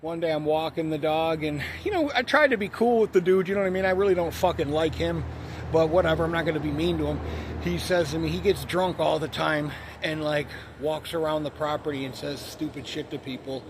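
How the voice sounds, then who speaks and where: A man's voice: a little high, fairly quick, background noise. A man telling a story in a blunt, profane, ranting way, in a casual monologue. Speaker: vlogger.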